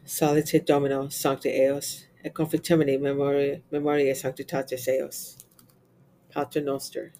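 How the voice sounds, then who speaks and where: A man reciting the Divine Office, reading psalms and lessons in English with Latin responses, in a steady, even recitation. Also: mid-range voice, moderate pace. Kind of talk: reciting liturgical prayer and psalms.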